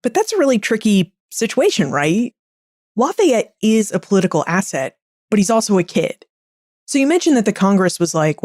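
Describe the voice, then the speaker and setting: A woman podcast host asking curious, clearly framed questions of her guest. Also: medium pitch, big pitch swings, moderate pace, darkish tone, no room sound, clean studio sound. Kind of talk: interview questions.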